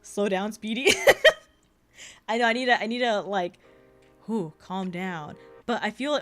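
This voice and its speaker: A young woman streaming casually as a VTuber, talking fast and rambling with frequent giggles and lots of fillers. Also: medium pitch, soft background music.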